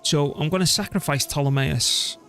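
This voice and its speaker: Over soft background music, a man with a fairly high voice and fairly bright tone chats at a moderate pace while playing a strategy game. He's a streamer giving casual commentary, muttering to himself and swearing mildly as he goes.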